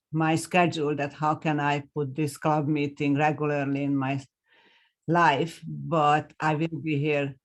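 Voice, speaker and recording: A woman speaking as a guest in an online meeting over a video call, friendly and thankful. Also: deep voice.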